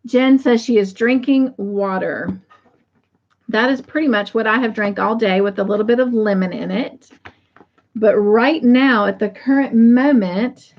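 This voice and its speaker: Bubbly lady host rambling to her live chat, laughs a lot, kinda muffled lo-fi sound. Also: on the high side. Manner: chatty and bubbly, laughs often. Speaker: crochet livestream host. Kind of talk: casual chat to live viewers.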